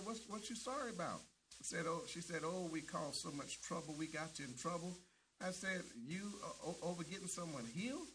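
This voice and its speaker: A man's voice: fairly high pitch, noisy background. A man preaching a sermon with fervent emphasis, often repeating words as he restarts and punctuating lines with amens.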